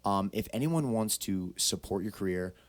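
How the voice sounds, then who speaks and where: A man hosts a podcast in a lowish voice, speaking earnestly and reflectively. He grows animated when retelling a story, and his talk stays conversational throughout. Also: moderate pace. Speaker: podcast host. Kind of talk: casual interview conversation.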